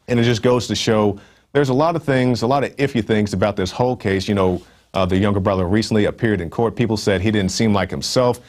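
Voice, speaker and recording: A man with a deep voice hosts a nightly news broadcast. He reads the headlines, then breaks into casual commentary full of "you know" and "uh". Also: fairly even intonation, quick pace, a little mellow. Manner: conversational, fillers and asides while reading stories. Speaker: news host.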